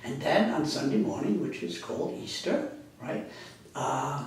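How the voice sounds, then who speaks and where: A man's voice: medium pitch, animated, a little slow, slight background noise. Man lecturing in an echoey classroom. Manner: rambling, self-correcting, conversational. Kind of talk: university lecture. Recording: echoey classroom, speaker far from mic.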